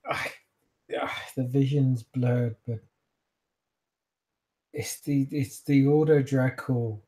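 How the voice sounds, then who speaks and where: A man's voice: medium pitch, steady tone, takes it slowly, dark tone, close to an everyday voice. A man voicing a dazed, hungry, newly turned female vampire prophet who drawls dreamily and drifts off mid-thought. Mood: vague. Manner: drawling, dreamy, easily distracted.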